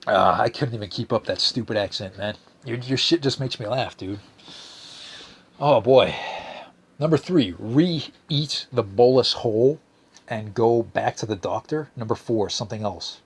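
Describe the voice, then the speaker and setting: Husky low-voiced male podcast host; crude, rambling, keeps restarting sentences. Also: moderate pace. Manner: profane, rambling, stammers and restarts. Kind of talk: casual solo podcast chat.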